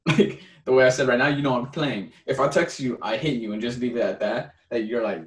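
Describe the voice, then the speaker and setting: A young man co-hosting a casual podcast, animated and quick to laugh, often stumbling over his words. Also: mid-range voice, recorded from a distance. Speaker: podcast co-host. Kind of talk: casual chat. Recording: echoey room.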